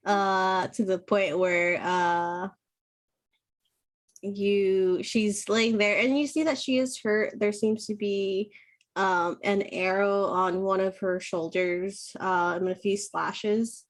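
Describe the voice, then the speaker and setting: Slow-paced woman running a tabletop game. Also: medium pitch, steady tone. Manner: unhurried, with many fillers. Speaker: dungeon master.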